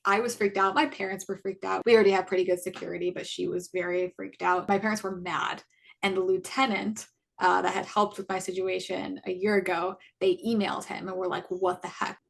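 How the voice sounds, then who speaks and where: Creaky-voiced young woman telling a story. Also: mid-range voice, flat delivery, a little fast. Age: 20s. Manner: retells events by acting out quoted exchanges; chatty, many likes and restarts. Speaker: podcast co-host. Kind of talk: casual personal storytelling.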